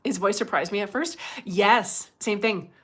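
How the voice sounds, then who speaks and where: A chatty woman in her fifties, from Canada, talks straight to her livestream viewers. Her pitch sits in the usual middle range for a woman. She tells stories casually and acts out other people's lines in their voices. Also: a little slow, a bit bright, breathy edge. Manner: chatty, acts out quoted people, laughs often. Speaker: medium and livestream host.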